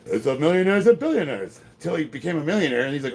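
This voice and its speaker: Gravelly, profane man in his fifties. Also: a little high, big pitch swings, quick pace, few pauses, slight background noise. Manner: profane, blunt, laughs often. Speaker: strength training vlogger. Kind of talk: casual rambling chat while lifting. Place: home gym.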